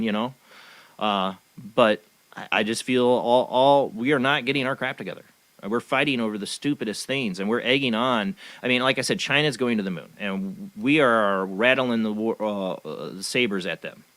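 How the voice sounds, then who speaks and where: A man's voice: on the low side, fairly bright tone, no room sound. A man hosting a talk show, rambling along in a cynical, sarcastic way. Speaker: show host. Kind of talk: casual talk radio commentary.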